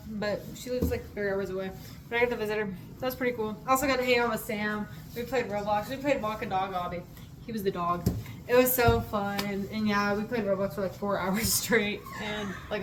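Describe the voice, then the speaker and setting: A woman's voice: on the high side, slight background noise, rough recording. A woman telling stories in a casual vlog, gushing and giggly, rambling from one thing to the next. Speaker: student and vlogger.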